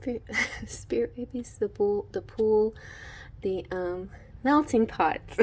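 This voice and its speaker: A woman's voice: mid-range voice, slow pace, slightly rough. A woman giving a casual tarot reading, gushing and emotional, laughing often and trailing off into fillers and restarts. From Houston, Texas. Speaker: tarot reader.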